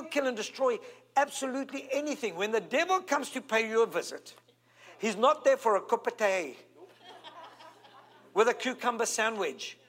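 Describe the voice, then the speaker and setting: High-voiced South African preacher. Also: male voice. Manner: animated, stretches key words, calls for amens. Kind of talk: sermon.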